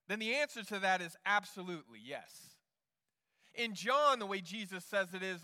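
A man's voice: sits high, lively intonation, moderate pace, bright, forceful tone, long reverb tail. A male pastor preaching a sermon in an earnest way, often repeating words as he restarts.

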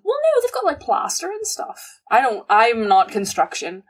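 A young woman co-hosting a podcast, joking and laughing as she chats about a cartoon episode. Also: a little high. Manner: lively, giggly, quick to joke. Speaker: podcast co-host. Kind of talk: casual chat recapping a cartoon episode.

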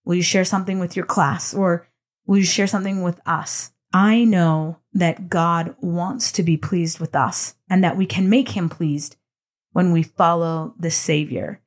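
A middle-aged woman giving a devotional talk, telling a story earnestly and slowing down for emphasis. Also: fairly low pitch. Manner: earnest, expressive storytelling with slow emphatic pauses.

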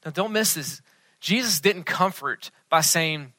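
A male pastor delivers a sermon in an earnest voice, sinking to a near hush to press home a point. His voice sits a touch high and sounds bright and sharp. The sound is dry and close. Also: measured pace, no echo. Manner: earnest, dropping to a hush for emphasis.

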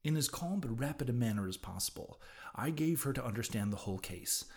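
A man narrating a classic novel in the first person, with a measured, dramatic reading. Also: mid-range voice, expressive. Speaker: audiobook narrator.

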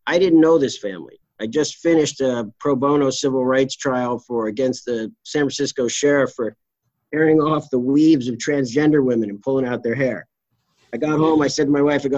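A middle-aged man, a trial lawyer and interview guest, telling his case stories in a blunt, salty, animated way. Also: mid-range voice, fairly quick, no echo, muffled recording. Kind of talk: candid storytelling interview.

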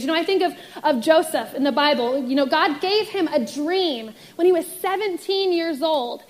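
Very high-voiced woman preaching. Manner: animated storytelling, acts out voices in quotes. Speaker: youth pastor. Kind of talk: casual sermon with personal story.

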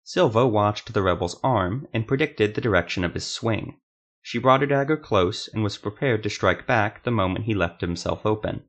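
A man with a fairly low voice narrating a fantasy audiobook. His reading is measured and dramatic.

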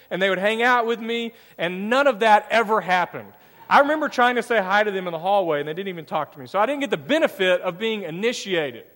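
A man's voice: sits high, fairly bright tone. Man preaching in a reverberant hall. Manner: conversational, storytelling with quoted dialogue. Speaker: pastor. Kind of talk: sermon with personal storytelling. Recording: long reverb of a church hall.

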